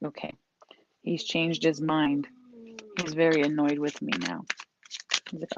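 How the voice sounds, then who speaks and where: A woman's voice: deep voice, animated, measured pace, long pauses, very noisy. A woman giving a casual tarot reading. She is encouraging and repeats herself, and now and then she breaks off to scold her dog. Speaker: tarot reader. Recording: dull lo-fi dry recording.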